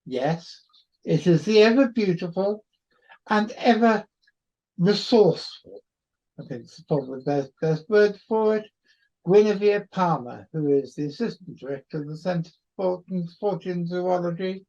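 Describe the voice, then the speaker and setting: A man's voice: high voice, a little slow, mellow. A man, hosting a podcast and telling a story in a rambling, wry manner. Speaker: podcast host. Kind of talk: storytelling monologue. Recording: dull lo-fi recording.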